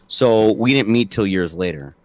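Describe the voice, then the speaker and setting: Animated storyteller man in his forties. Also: on the low side, normal speed, no room sound. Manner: animated, acts out quoted dialogue. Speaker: podcast guest. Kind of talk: casual storytelling conversation.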